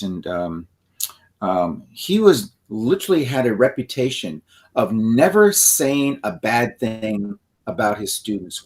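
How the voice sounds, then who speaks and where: A man's voice: fairly high pitch, darkish tone. A man co-hosting a self-help podcast, explaining ideas in a loose, rambling way and acting out example phrases. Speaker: podcast co-host. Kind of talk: conversational teaching.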